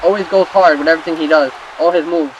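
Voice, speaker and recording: A young man casually recapping wrestling results while playing a game, rambling and swearing with excitable asides. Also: a little high, fast, lo-fi sound, a little hiss or hum. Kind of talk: casual recap over gameplay.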